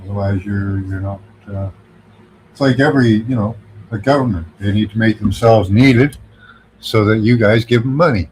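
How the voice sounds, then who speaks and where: A man with a fairly low voice talking cynically and unhurriedly, pausing with fillers as he builds his point. A faint background hiss sits under his voice. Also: poor audio. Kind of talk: casual chat.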